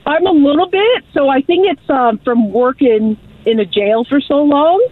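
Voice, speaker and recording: A woman calling in to a radio show and telling a story in a chatty, lively way, acting out what people said. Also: sits high, moderate pace, no echo. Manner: lively, chatty storyteller who acts out quotes. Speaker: caller. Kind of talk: call-in storytelling. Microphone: telephone. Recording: phone line.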